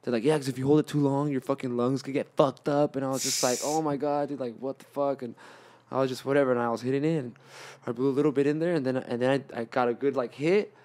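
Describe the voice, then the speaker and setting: A man's voice: mid-range voice, fairly even intonation, fast talker, darkish tone. A young man hosting a podcast, telling a long story in rambling, profane casual chat and acting out his friends' lines. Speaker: podcast host.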